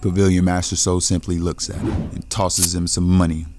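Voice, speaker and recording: A man's voice: sits low, flat delivery, normal speed, over music. A man casually retelling a comic story in present tense as a recap narrator.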